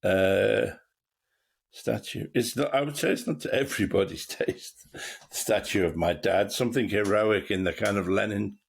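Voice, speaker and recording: A man's voice: fairly low pitch, normal speed, gravelly, slightly rough. A man hosting a podcast, chatting casually and telling wry, rambling anecdotes. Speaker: podcast host. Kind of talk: casual chat.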